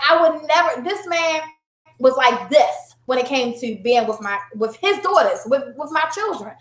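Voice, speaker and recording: High-voiced woman telling a story in a roomy space. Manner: animated, conversational, breaks into laughter. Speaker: guest sharing a personal story. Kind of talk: candid storytelling to an audience. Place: room before a live audience. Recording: roomy, echoey room.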